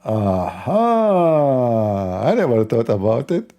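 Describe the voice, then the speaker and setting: A man talks at an unhurried pace in a dark, gravelly voice. His English is simple and non-native, and he teases and chuckles throughout, like a casual host chatting to his viewers. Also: medium pitch, sing-song. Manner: slow, laughing, teasing, simple non-native English grammar. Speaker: livestream host. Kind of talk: casual mocking commentary.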